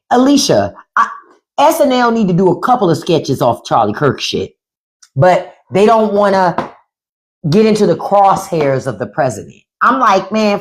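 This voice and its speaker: A woman chatting on a livestream, blunt and unfiltered, swearing freely. Her pitch sits mid-range but swings widely as she riffs. She sounds close to a phone mic. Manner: blunt, profane, animated. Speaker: podcast host on a livestream. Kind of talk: casual livestream chat.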